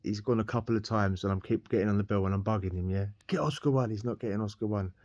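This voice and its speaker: Bloke, rambling anecdote with frequent laughs, dry, muffled lo-fi sound. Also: male voice, fairly low pitch, little pitch movement, fast, a little mellow, dry recording. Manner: rambling, laughs often, slangy. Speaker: podcast guest telling a prison story. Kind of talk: casual storytelling.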